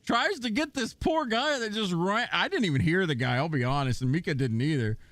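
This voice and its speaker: A man chatting casually on a livestream, telling stories with animation and cooing softly at his dog. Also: sits high, animated, fairly quick, dry recording. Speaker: gaming streamer.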